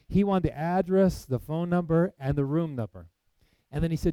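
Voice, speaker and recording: A man preaching, telling a personal story with lively acted-out quotes that turns hushed and solemn. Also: fairly high pitch, fast, no room sound, low-quality recording. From United States. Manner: animated storytelling, acts out quoted voices, then hushed and solemn. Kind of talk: sermon storytelling.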